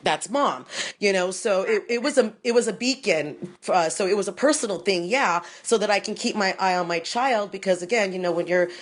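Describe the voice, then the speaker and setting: A woman's voice: medium pitch, brisk. A woman interviewer and mother, talking in a casual, gushing, repetitive way, tearful and emotional. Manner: gushing, effusive, repeats herself, gasps and exclaims. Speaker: interviewer, mother of an autistic daughter.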